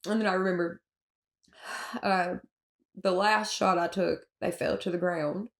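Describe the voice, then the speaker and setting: Gravelly Southern woman recounting haltingly. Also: on the low side, steady tone. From Alabama. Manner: halting, with frequent fillers and restarts; emotional, with nervous laughs at hard moments. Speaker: interviewee telling her own story. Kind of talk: personal recounting in an interview.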